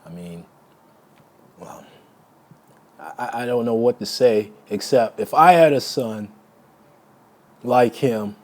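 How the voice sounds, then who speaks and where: A man's voice: mid-range voice, mellow. A man giving a heated solo video rant. He repeats words and restarts phrases as he gets emotional. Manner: angry, insulting, repeats words. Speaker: vlogger.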